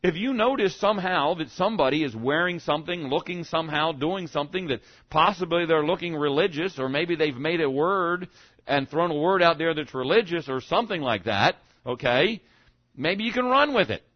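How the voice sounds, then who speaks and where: A man's voice: fairly high pitch, expressive, moderate pace, no room sound, lo-fi sound. A male pastor preaching a sermon in a conversational way, often asking the congregation questions. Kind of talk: sermon on evangelism.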